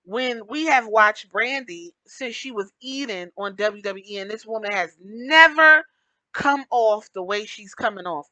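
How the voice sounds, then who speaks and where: A woman hosting a podcast, giving blunt, animated commentary and slipping into mock voices to make her points. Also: on the high side, unhurried, no echo, low-quality recording. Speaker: podcast host.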